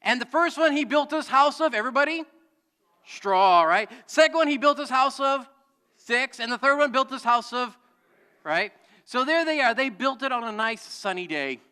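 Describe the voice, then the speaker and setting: A man's voice: very high-pitched, expressive, moderate pace, pushed and bright, smooth, in a large hall. A man preaching a sermon as pastor, telling a story and calling out to the congregation for answers. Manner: storytelling with audience call-and-response. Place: church sanctuary.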